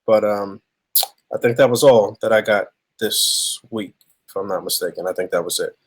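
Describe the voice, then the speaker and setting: Low-voiced man steering a podcast chat. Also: moderate pace, breathy edge. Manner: easygoing, steering the talk. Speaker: podcast host. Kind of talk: casual chat.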